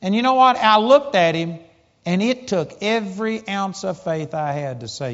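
A man preaching a sermon, telling a personal story with animated, rising emphasis as he gets excited. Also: high voice, normal speed. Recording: muffled sound with long hall reverb.

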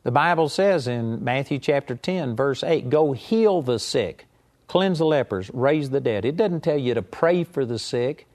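A man preaching a sermon, retelling a scripture story with animated emphasis and acted-out pleas. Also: medium pitch, a little slow. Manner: animated storytelling, acting out prayers in raised voice.

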